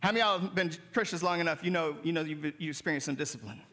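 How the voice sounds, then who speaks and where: A man's voice: a little high, rapid-fire, pushed and bright. A male pastor preaching a sermon, calling on the congregation to respond and rising to emphatic peaks.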